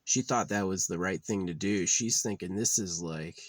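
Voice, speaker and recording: A man's voice: low-pitched, normal speed, dry recording. A man delivering a bitter, profane, rambling monologue as a vlogger.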